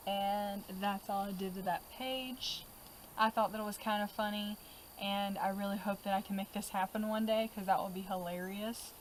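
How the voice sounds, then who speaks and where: The recording is rough, with a little hiss or hum, as a medium-pitched woman vlogs outdoors. She's chatty and casual while discussing her journal pages, often leaning on "um" and "like."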